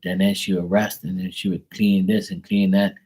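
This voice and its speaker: A man's voice: deep voice, little pitch movement, moderate pace, darkish tone, slightly rough. A man voicing a grieving adult daughter who makes excuses for not cleaning her house, in a voice close to his own. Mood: defensive.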